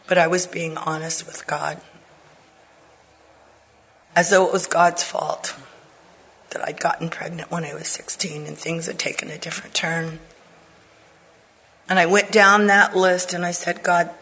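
Earnest older woman teaching, husky voice. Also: fairly low pitch, poor audio. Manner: earnest storytelling, drops to soft whispers for emphasis. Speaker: Bible teacher. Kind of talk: personal testimony in a women's Bible teaching.

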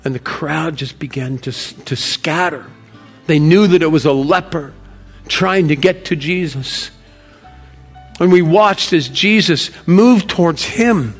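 An actor playing Josiah, a devoted ancient Hebrew father who earnestly recounts a miracle, shifting between loud wonder and hushed awe. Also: a little high, a little slow, breathy edge, faint music behind. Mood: earnest storytelling. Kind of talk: dramatic first-person monologue.

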